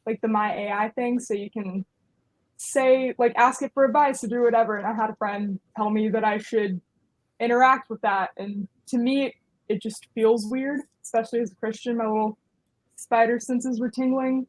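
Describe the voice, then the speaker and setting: A woman's voice: a little high, steady tone, normal speed, rough recording. A woman on a podcast, giving her view casually and a little hesitantly. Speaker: podcast co-host. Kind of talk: casual chat.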